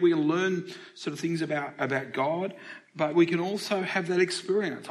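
A middle-aged Australian man preaching a sermon to a congregation in church, talking in a chatty way and asking them questions as he goes. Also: a little high. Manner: conversational, asks the congregation questions.

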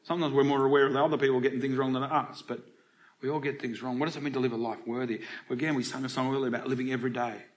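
A man's voice: medium pitch, fairly even intonation, rapid-fire. A middle-aged Australian man preaching a sermon to a congregation in church, talking in a chatty way and asking them questions as he goes. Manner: conversational, asks the congregation questions.

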